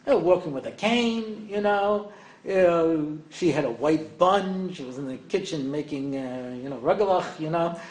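A man's voice: on the high side, expressive, normal speed, a little mellow. An older man giving an evening lecture to an audience, rambling and joking with many asides. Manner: rambling and joking, heavy on "you know". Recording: echoey room, faint ambience.

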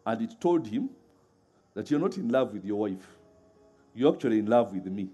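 A middle-aged man preaching a sermon in a lively way, laughing often and acting out voices as he tells stories. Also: on the low side, normal speed, husky, soft background music.

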